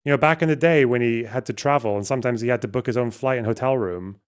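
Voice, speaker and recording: A man's voice: medium pitch, fast, clean tone. A man hosting a casual livestream, commenting with sardonic asides and swearing freely. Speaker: livestream host.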